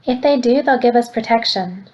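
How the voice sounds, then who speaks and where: A woman reading aloud, voicing an upset grandmother who shouts through tears. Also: on the high side, normal speed, highs cut off, natural voice. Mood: firm. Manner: shouting, pleading.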